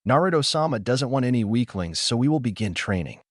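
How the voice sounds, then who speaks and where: A man's voice: mid-range voice, sing-song, brisk, no echo, clean studio sound. A man voicing a firm, commanding young female ninja in a fan fiction audiobook reading. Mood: stern.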